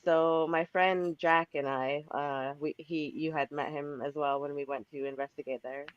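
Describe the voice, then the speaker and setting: A woman's voice: deep voice, fairly even intonation, normal speed, smooth. A woman calling into a podcast with a sick voice, telling a story in a chatty way and laughing between sentences. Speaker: caller. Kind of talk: casual storytelling. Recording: dull lo-fi call-in line.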